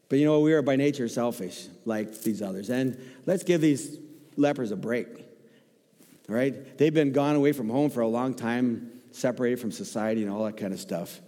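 A man's voice: medium pitch, moderate pace. A man preaching a sermon with humor, acting out voices as he tells a story in church. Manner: animated, joking storyteller, acts out voices. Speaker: guest preacher. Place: church sanctuary. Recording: long hall reverb.

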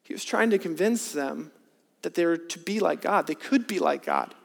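A man preaching a sermon, earnest, moving from hushed, drawn-out points to emphatic rhetorical questions. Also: on the high side, creaky. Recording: long reverb of a large hall.

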